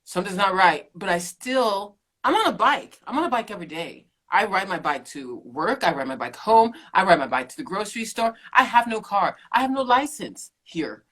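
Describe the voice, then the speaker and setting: A middle-aged woman, a keto coach and podcast guest, telling her story in an animated way, laughing often and acting out quotes. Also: medium pitch, moderate pace, few pauses. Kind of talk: casual interview chat.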